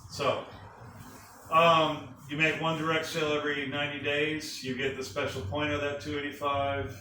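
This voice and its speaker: A man's voice: fairly high pitch, completely flat delivery, normal speed. A man giving an enthusiastic sales presentation to a small group, asking the room questions as he goes. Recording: echoey room from a distant mic with faint noise.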